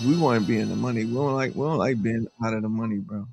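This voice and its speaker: A man coaching day trading as he trades live, talking in a chatty, animated way and speaking to the market out loud. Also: fairly low pitch, fast talker, gravelly, few pauses, music in the background.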